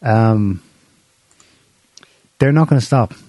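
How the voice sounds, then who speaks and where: A man's voice: fairly low pitch, takes it slowly, warm tone, no room sound. A man hosting a casual political chat, wry and sarcastic, laughing at his own points. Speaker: podcast host.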